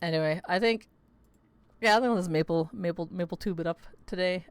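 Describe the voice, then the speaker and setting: A woman's voice: on the low side, fairly quick, faint music behind. A woman streaming a game, chatting casually and rambling with lots of fillers and laughter. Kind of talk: casual gaming livestream chat. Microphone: close desk mic.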